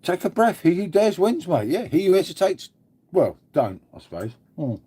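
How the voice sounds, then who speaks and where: An English man talks loosely to his live-stream chat from home, wandering from one thought to the next and dropping in the odd swear word. His voice sits a little high for a man. A faint noise runs under the recording. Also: very animated, moderate pace, mellow. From England. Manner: rambling, chatty, swears, reads chat aloud.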